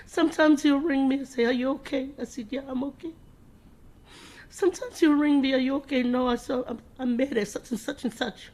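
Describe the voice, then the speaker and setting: A woman's voice: high-pitched, darkish tone. Middle-aged woman giving a eulogy for her brother, emotional, chatty, keeps restarting her words. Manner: emotional, informal, repeats words, laughs between tears. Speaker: eulogy speaker, sister of the deceased. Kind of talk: funeral eulogy.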